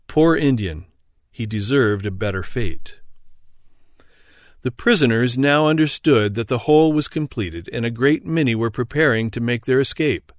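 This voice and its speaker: A man narrating an audiobook in a steady, even storytelling read. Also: medium pitch, moderate pace, no room sound, studio quality. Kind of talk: scripted narration.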